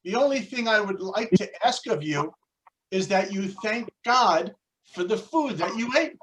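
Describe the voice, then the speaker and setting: A man's voice: high-pitched, lively intonation, unhurried, fairly bright tone, a little hiss or hum, low-quality recording. A man telling of an indignant ancient patriarch. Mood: gentle. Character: patriarch Abraham, hospitable then indignant.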